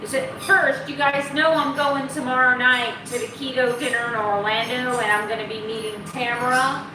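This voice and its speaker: A woman's voice: on the high side, fairly even intonation, normal speed, background noise. Chatty woman vlogging in an echoey room. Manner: bubbly, baby-talks to her dogs. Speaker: keto vlogger. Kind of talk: casual chatty vlog. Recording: echoey room, mic at a distance.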